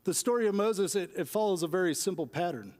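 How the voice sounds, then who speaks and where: A man's voice: sits high, animated, fast talker, a little mellow. A man, a pastor, preaching a sermon in a conversational way and speaking directly to his congregation. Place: church sanctuary. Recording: long church-hall reverb.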